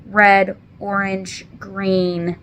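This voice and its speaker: A woman's voice: medium pitch, little pitch movement, very slow, fairly bright tone, a little hiss or hum. A woman in her twenties casually recapping a book in a chatty, rambling, apologetic way, with many fillers, holding back tears. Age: 20s. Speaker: book reviewer.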